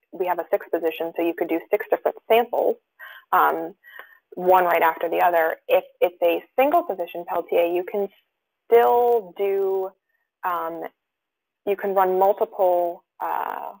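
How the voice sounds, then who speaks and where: A woman's voice: on the low side, vocal fry, darkish tone, poor audio. A woman presenting a webinar, reading out audience questions and answering them, with many fillers and restarts. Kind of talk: live webinar Q&A.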